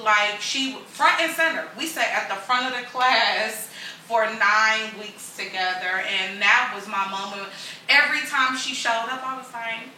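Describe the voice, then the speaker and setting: A woman chatting casually, telling an animated story full of acted-out quotes and slang. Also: fairly high pitch, a little slow. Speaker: guest telling a friendship story. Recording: echoey room, far from the mic.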